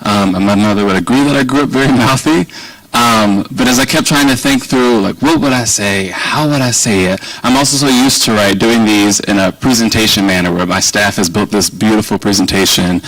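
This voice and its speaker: A man's voice: fairly low pitch, a little fast, fairly bright tone, dry recording, distant mic, poor audio. A man from Virginia with a light Southern accent, giving a rambling, self-deprecating talk to an audience. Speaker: keynote speaker. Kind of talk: conversational speech to an audience.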